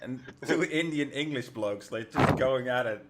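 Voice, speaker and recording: A man's voice: medium pitch, moderate pace. A man chatting with gaming friends, swearing and giggling as he retells funny clips. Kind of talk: casual chat over voice chat. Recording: noisy mic with clicks.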